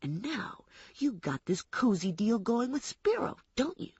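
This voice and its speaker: Menacing knife-wielding young man, taunting, low and slow, read by a woman narrator. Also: sing-song, a little mellow, husky, no echo, highs cut off, exaggerated voice.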